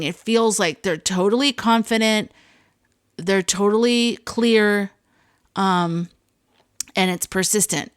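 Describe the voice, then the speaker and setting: A woman's voice: medium pitch, clear, resonant tone, dry recording, studio quality. A woman hosting a podcast, chatting casually and reading listener stories aloud, with many asides and fillers. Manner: conversational, lots of fillers and asides. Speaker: podcast host.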